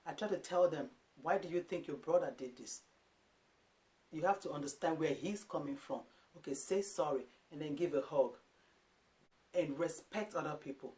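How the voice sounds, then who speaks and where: Woman in her thirties from Africa, parenting vlogger, casual and animated talk to camera, slips into quick impressions of herself and her kids. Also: low-pitched. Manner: animated, acts out quotes of herself and her sons.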